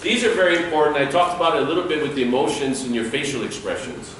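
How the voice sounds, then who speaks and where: A man's voice: fairly high pitch, fast, a little hiss or hum. A man giving a classroom training lecture, acting out short sample dialogues. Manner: lively, demonstrates dialogue with acted lines. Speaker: security trainer. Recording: echoey room, speaker far from mic.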